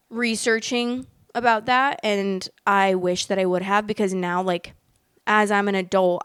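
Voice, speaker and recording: A woman's voice: medium pitch, smooth, no room sound, studio quality. A young adult woman hosting a casual vlog, talking to the camera in a rambling, emotional way with many fillers. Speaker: host reading online stories. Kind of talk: casual chat reacting to stories.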